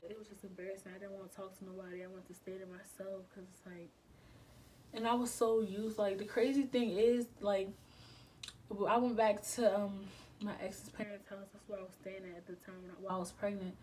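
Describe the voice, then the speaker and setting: A woman's voice: mid-range voice, level tone, brisk, a little mellow, slight background noise, poor audio. A young adult woman telling a personal story in a casual storytime vlog. She speaks candidly and emotionally, with slang, swearing and repeated phrases. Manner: subdued and emotional. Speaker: vlogger.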